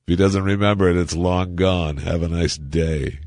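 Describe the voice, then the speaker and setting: Male talk radio host, low-pitched, dry studio sound, ranting and digressive. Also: fairly even intonation, normal speed, darkish tone, dry recording. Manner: ranting, exasperated, rambling asides.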